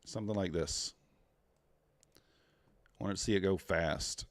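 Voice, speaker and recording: A man's voice: deep voice, measured pace, no room sound. A man trading futures live on a stream, talking to himself and to the chat, groaning at each loss and muttering over the charts. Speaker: live-streaming day trader.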